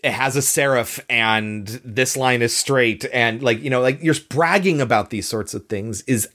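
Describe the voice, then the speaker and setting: A man's voice: medium pitch, moderate pace, a bit bright. A man co-hosts a casual film podcast. His tone is wry and analytical, and he thinks aloud in rhetorical questions. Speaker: podcast co-host.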